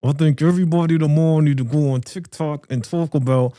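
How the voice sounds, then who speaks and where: Dude hosting a reaction stream, aave slang, mellow voice, dry close sound. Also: male voice, on the high side, a little fast, dry recording. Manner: animated, slangy, reads viewer comments aloud. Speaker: reaction show host. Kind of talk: live-stream fan reaction chat.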